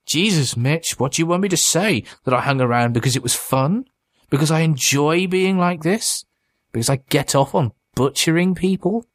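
A man's voice: mid-range voice, lively intonation, measured pace, breathy edge, no echo, clean studio sound. A man voicing a bitter, taunting undead creature, the narrator's monstrous brother, in an audiobook. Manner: taunting, scornful. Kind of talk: audiobook character voice.

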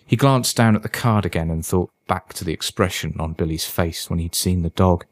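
A man reading a dark story aloud in a measured, dramatic manner. His voice sits on the low side. It is recorded close on a studio mic with a dry sound. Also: dry recording. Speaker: narrator. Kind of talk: scripted narration of a dark story.

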